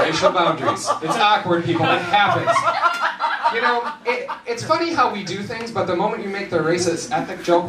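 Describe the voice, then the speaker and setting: A young man doing a live stand-up routine at a university event, animated and self-mocking, with mumbled asides between louder bits. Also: high-pitched. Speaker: stand-up comedian. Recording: echoey hall from far off, noisy.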